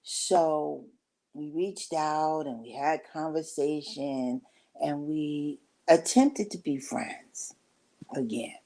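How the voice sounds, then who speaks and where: A woman's voice: sits low, takes it slowly, mellow. A middle-aged woman casually telling a personal story to camera, rambling and acting out what people said. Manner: rambling, conversational, acts out quoted talk.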